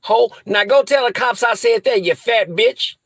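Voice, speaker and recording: A Midwestern US vlogger rants angrily to camera at his viewers, profane and threatening, repeating insults over and over. His voice is extremely high and a bit bright at a moderate pace. The rough recording has no room sound.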